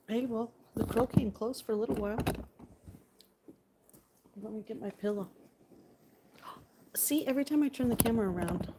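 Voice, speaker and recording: A woman's voice: medium pitch, noisy background. A woman chatting playfully to her viewers on a casual livestream, thanking them and talking about the birds outside. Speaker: livestream host.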